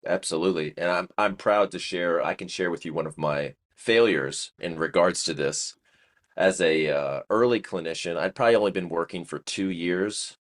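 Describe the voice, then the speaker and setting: A man in his forties who teaches physical therapy, speaking in a very low voice. He tells his story in an earnest, reflective way, as in a casual conversation. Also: moderate pace.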